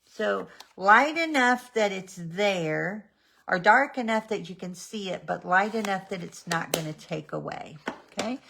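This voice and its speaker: Casting note: woman hosting a live craft demo, gravelly fry in her voice, faint hiss on the recording. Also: medium pitch, lively intonation, fairly bright tone. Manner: slow, chatty, talks to her pet between steps. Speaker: stamping demonstrator.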